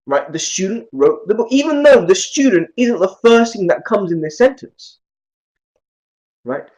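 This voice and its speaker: A man with a fairly high voice teaches a class of students. He lectures with lots of energy and keeps asking his listeners questions as he explains. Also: low-quality recording. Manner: lively, asks many questions. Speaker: Arabic teacher.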